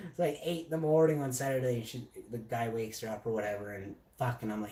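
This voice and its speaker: A man's voice: medium pitch, fast talker, few pauses, mellow. A man telling a personal story in a blunt, heavily profane casual monologue. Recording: echoey room, distant mic.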